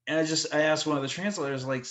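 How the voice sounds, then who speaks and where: A man's voice: fairly high pitch, fast, fairly bright tone, roomy sound. A man who works as a touring drum tech, telling a story as a guest in casual chat, rambling with lots of "like" and quoted asides.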